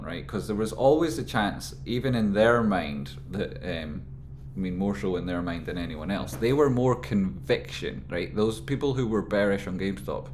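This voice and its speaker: A man rambling through casual stock market commentary, with animated, exasperated rants. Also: lowish voice, reverberant, slight background noise.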